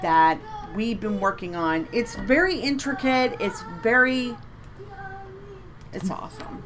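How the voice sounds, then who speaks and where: A woman's voice: on the high side, animated, slow, over music. A woman co-hosting a live psychic reading stream from home, chatty and upbeat, repeating words for emphasis. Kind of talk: casual live-stream chat.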